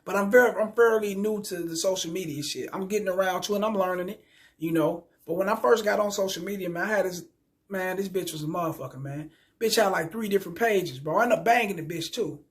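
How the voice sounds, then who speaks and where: A young man rants to his viewers in a high voice. His talk is loose and streetwise, heavy with profanity and full of stumbling restarts. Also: fast. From Kansas City, Missouri. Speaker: vlogger. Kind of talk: casual storytelling rant.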